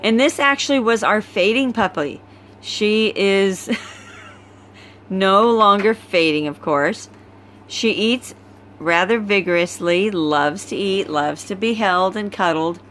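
Slight background noise accompanies a tired woman who breeds dogs as she casually introduces a litter of puppies on a phone video at home. She speaks at a medium pitch with a somewhat bright tone, slow, easygoing and chatty.

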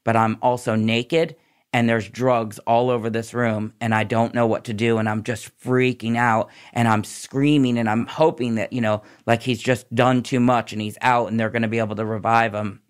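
At a moderate pace and with little pitch movement, a man speaks in a clear, resonant, mid-range voice. He's a former nurse guesting on a podcast, candidly tumbling through the story of his recovery.

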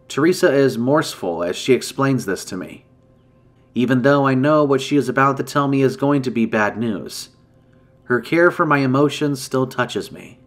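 Man narrating a campfire story. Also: mid-range voice. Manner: steady, measured storytelling. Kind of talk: scripted horror story narration.

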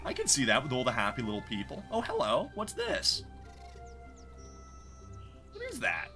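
A man's voice: mid-range voice, wildly swooping pitch, fairly quick, bright, forceful tone, soft background music. A man streaming a game live, chatting casually, reacting aloud and greeting viewers in chat. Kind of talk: live gameplay commentary.

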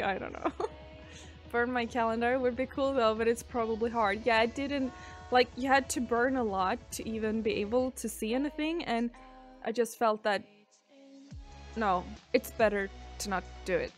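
A woman chats casually on a live stream, reading out viewer messages and answering them one by one. Faint music plays softly behind her. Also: on the high side, moderate pace, pauses often.

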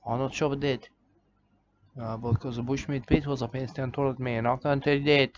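A man in a rambling, deadpan comic monologue, halting on "uh" and restarts. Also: medium pitch. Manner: halting, full of "uh" and restarts, says "mate". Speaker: comedic character monologue. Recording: slightly dull lo-fi sound with faint background noise.

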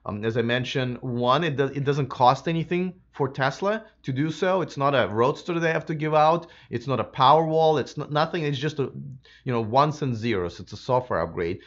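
Guy on a livestream, kinda hoarse, rambly with lots of ums, muffled lo-fi audio. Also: mid-range voice, lively intonation, normal speed. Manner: rambling, many fillers and restarts. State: slightly hoarse from a sore throat. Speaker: livestream host. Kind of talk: casual live Q&A chat.

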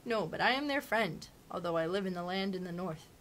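A sweet little old woman who is a good witch, calm and measured in a storybook reading, as a woman puts her on. Her lines rise and fall with a gentle lilt. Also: on the low side.

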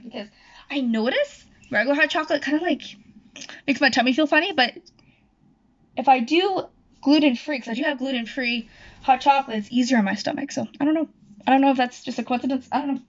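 Young woman, high voice, chatty and rambling, often corrects herself; dull lo-fi home recording. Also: a bit bright, a little hiss or hum. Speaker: YouTuber. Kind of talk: casual chat.

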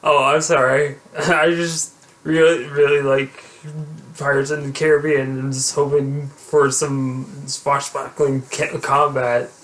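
A young man hosting a casual podcast chat while gaming, halting with many ums and uhs. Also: mid-range voice, flat delivery, a bit bright, low-quality recording. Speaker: podcast host.

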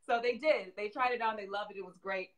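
This is an animated, quick-to-laugh young Southern woman, a fashion designer and brand owner appearing as an interview guest. She narrates her story casually, dramatizing quotes with big pitch jumps and frequent laughter.

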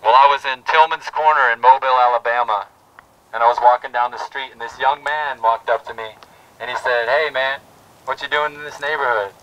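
Bright-voiced man telling a story at a rally. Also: mid-range voice, steady tone, brisk, recorded from a distance, a little hiss or hum, poor audio. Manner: heartfelt storytelling with restarts. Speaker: protest speaker. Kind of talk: speech at an outdoor rally. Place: outdoor town plaza.

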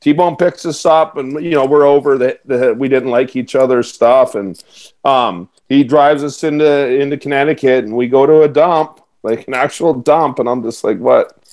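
A man's voice: mid-range voice, normal speed, a little mellow. A man, a former hockey player, telling a story in a casual interview, laughing as he goes and acting out what people said. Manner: laughs through anecdotes, acts out quotes.

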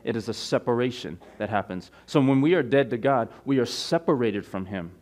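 A male pastor preaching a sermon, opening with a quiet prayer and then building to emphatic, drawn-out declarations. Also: expressive. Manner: preaching with rising emphasis, stretching key words; opens in a quiet, low prayer.

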